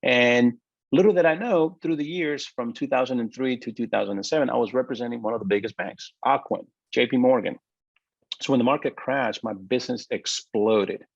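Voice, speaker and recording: A man telling his personal story in an interview, with emotional, halting delivery and many fillers. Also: mid-range voice, vocal fry, no echo, highs cut off. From United States. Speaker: interview guest, business owner.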